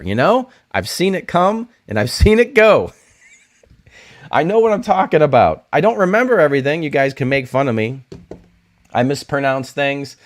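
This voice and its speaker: Animated man hosting a casual livestream. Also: a little high. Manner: animated and joking, with frequent laughs and restarts. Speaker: livestream host. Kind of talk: casual livestream chat reading viewer comments.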